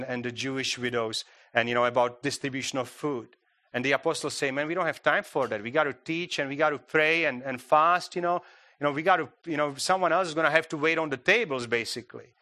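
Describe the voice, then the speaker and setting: A man's voice: mid-range voice, pushed and bright. A man preaching a sermon in a church, talking conversationally with many fillers and restarts. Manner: conversational, frequent "you know" fillers and restarts. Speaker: guest preacher.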